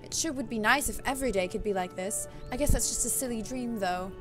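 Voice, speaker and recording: A woman reading the lines of a gentle, hopeful young heroine in a visual novel, soft and earnest. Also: fairly high pitch, fast, over music, natural voice. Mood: wistful.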